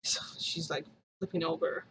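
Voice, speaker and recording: A woman vlogger telling a story to her viewers in a chatty, animated way, acting out quoted dialogue. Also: sits low, normal speed, slight background noise, poor audio.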